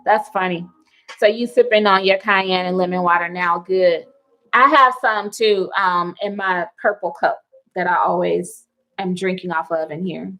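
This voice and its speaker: A woman's voice: fairly low pitch, fairly even intonation, a little slow, sharp tone, poor audio. A young woman chatting casually on a livestream from home, laughing often and talking to viewers by name. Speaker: wellness livestream host. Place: at home indoors.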